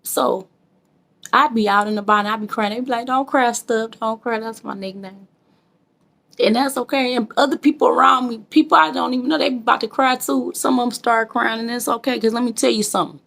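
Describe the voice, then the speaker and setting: A woman's voice: mid-range voice, fairly bright tone. A woman from Michigan, talking to her viewers in a heartfelt, emotional, preachy way. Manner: emotional, preachy, addresses viewers as kings and queens. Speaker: vlogger. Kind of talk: casual heartfelt vlog talk.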